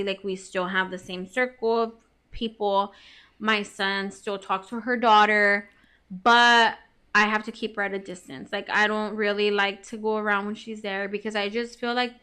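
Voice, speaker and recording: A woman's voice: medium pitch, sharp tone, clean tone. A woman in her thirties, telling a story in casual podcast chat, full of "like" and swearing, acting out what people said. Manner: chatty, says "like" constantly, swears, acts out quoted lines. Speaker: podcast co-host.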